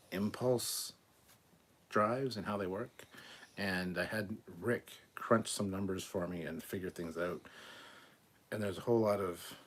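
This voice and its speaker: Guy hosting a live stream, reads chat comments, kinda low voice, blunt and swears a bit. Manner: blunt and opinionated, swears casually; frequent stumbles and throat-clearing. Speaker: host of a live show. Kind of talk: casual live-stream chat, reading viewer comments aloud.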